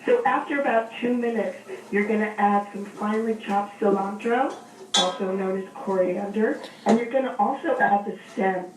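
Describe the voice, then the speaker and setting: A woman chef and cookbook author with a hoarse, gravelly voice from a cold, calmly guiding a cooking demo step by step over the phone, with many ums. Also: mid-range voice, normal speed. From Maine. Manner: explains steps warmly in detail, with ums. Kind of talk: casual instructional chat. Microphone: phone line. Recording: echoey, distant, faint noise.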